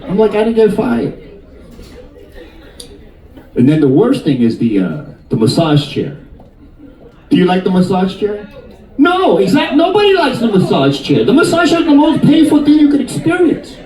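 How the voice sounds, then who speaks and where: Animated stand-up comedian from Queens. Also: sits high. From Queens, New York. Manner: animated storyteller, quick shifts into character voices. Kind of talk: stand-up comedy with crowd work. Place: cruise ship theater. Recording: echoey room, mic at a distance.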